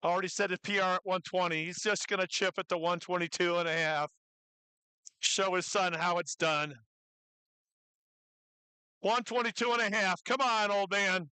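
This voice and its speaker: A meet commentator calling live weightlifting attempts, who cheers lifters on excitedly and drops jokey asides between lifts. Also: medium pitch, normal speed, long pauses, clear, resonant tone, no room sound, rough recording.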